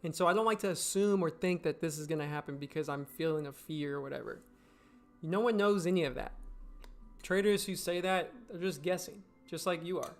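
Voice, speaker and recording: A man hosting a live day-trading stream, reading viewer questions aloud and answering them bluntly in a relaxed, chatty way. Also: a little high, fairly quick, soft background music. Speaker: day trading show host.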